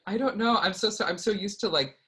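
An American man who does impressions, chatting in a casual interview, animated and laughing often. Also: high voice, fast talker. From United States. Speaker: guest impressionist.

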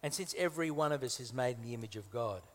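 Male guest preacher from Malta, conversational sermon, humorous asides, emphatic repeats, mid-pitched voice, long hall reverb. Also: animated, fast talker. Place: church hall.

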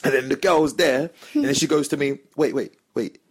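A man's voice: mid-range voice, normal speed, breathy edge. A young man telling a story on a podcast, acting out the voices of the people in it. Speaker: podcast host. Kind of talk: casual storytelling chat.

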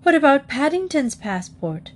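A fussy elderly housekeeper, put on by a woman reader who cries out in alarm and warns darkly. The voice climbs high and sharp on her exclamations, as in a storybook reading. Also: expressive, unhurried. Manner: exclamatory, ominous.

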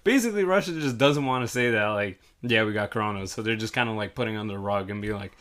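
A young man telling a lively story in casual chat, acting out the people in it and swearing freely. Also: fairly low pitch, fast talker. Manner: animated, acts out quoted voices, swears freely. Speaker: hotel front desk worker.

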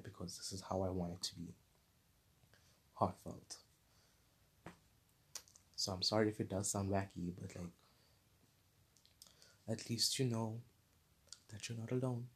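A man's voice: sits low, fairly even intonation, moderate pace, pauses often, slight background noise. A man hosting his own podcast segment, talking in an earnest, rambling, unscripted monologue that often repeats itself. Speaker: podcast host.

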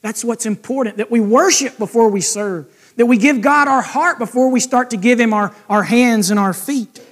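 Brief: man preaching, high-pitched, conversational, keeps questioning the listeners. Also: normal speed. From United States. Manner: conversational, asks the congregation questions. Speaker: pastor. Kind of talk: sermon.

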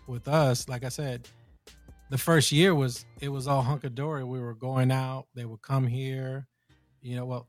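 A man hosting a podcast, telling a long story in a rambling, casual way and getting animated when indignant. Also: mid-range voice. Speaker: podcast host. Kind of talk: casual conversation.

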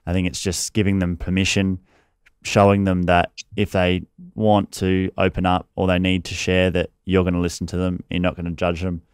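A deep-voiced man hosts an interview with a measured, affirming manner. His tone is smooth and resonant, with very little rise and fall. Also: completely flat delivery, no room sound, studio quality. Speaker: interview host. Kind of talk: conversational interview.

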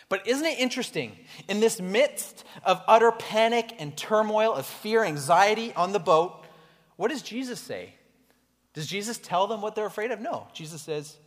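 A male pastor preaching an animated, conversational sermon to his congregation in a church hall. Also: high voice, moderate pace. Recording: echoey hall reverb.

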